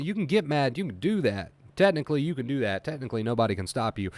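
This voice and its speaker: Male recovery coach, mid-pitched, earnest and emphatic, dry room sound. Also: expressive, fairly quick, hardly any pauses, a little mellow, no echo. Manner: earnest, emphatic, repeats key points. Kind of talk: motivational livestream talk.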